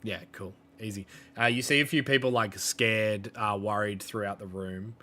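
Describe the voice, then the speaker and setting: A man's voice: fairly low pitch, steady tone, moderate pace, pushed and bright. A man narrating a tabletop game as game master, hesitant with frequent fillers. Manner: hesitant, many fillers and restarts.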